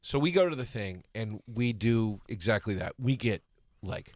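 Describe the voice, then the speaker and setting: A man hosting a podcast, telling a story in a laughing, animated, swearing way. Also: on the low side, normal speed, no room sound, clean studio sound. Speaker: podcast host. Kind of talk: casual storytelling chat.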